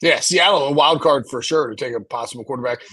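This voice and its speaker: A man's voice: mid-range voice, fast talker, bright, forceful tone, husky. A man hosting a casual sports podcast chat, rambling with many restarts. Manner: rambling, lots of restarts and fillers. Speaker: podcast host.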